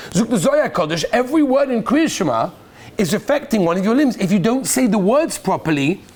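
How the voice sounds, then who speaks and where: A rabbi with a high voice teaches a lively classroom lesson, quizzing students by name and praising their answers.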